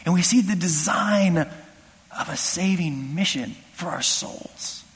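Male pastor with a high voice, delivering a passionate sermon that swings between loud and hushed, recorded in a reverberant hall. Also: slow pace, slightly rough. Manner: impassioned, swings from loud exclamations to hushed asides.

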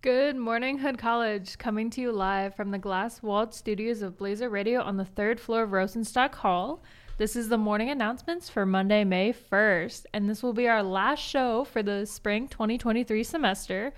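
Young woman hosting college radio. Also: a little high. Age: 20s. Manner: reads scores briskly, chatty asides. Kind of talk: morning announcements and sports recap. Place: campus radio studio.

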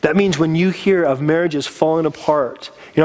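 A man's voice: on the high side, normal speed, a little mellow. A man preaching a sermon as a pastor, earnest and conversational, getting teary.

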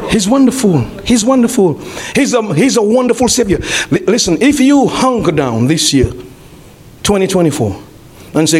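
A man preaching a sermon as pastor, repeating his phrases, calling to the congregation and rising to shouts. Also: high-pitched, sing-song, normal speed, husky. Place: church.

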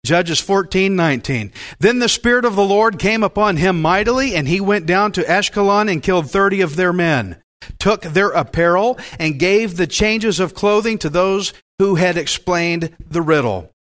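A man preaching a Bible-teaching sermon as pastor, in a folksy, joking and animated way. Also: high voice, moderate pace.

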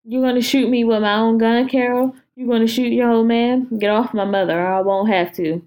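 A rotting old grandfather back from the dead speaks in a sneering, threatening voice. A woman puts him on, pitching up and pushing louder than her own reading. He taunts in a storybook horror tale. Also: fairly even intonation, fairly quick, close to an everyday voice. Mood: taunting.

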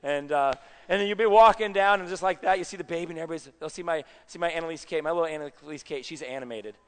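Animated male preacher in an echoey hall. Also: a little high, fast, clean tone. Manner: animated, conversational, checks in with the audience. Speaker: pastor. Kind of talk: sermon.

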